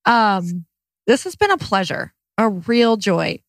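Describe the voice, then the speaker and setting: A woman's voice: medium pitch, very animated, slow pace, dry recording, studio quality. A woman hosting a podcast in casual chat, playful and jokey, often giggling. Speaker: podcast host.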